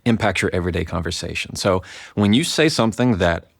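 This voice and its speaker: Deep-voiced man coaching on communication. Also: quick pace, vocal fry, husky, dry recording, clean studio sound. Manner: lively storyteller who acts out both sides of an argument in quoted voices. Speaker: guest, lawyer and communication coach. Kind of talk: explaining in an interview.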